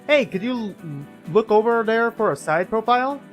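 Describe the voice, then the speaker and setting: A man voicing a pushy, excited young dinosaur art student. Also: high voice, moderate pace, highs cut off, soft background music, voice pushed up. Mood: eager.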